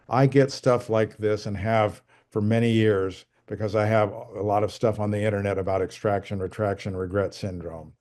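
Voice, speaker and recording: A man's voice: fairly low pitch, steady tone, moderate pace, few pauses, a little mellow. An older man giving a conversational lecture to dentists, reading quotes off his slides with frequent restarts. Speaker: guest speaker presenting to dentists.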